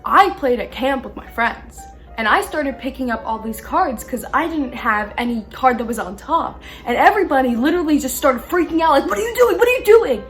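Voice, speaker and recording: A woman vlogger chatting casually, laughing often and getting animated when she retells arguments. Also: high-pitched, moderate pace, hardly any pauses, faint music behind. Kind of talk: casual chat.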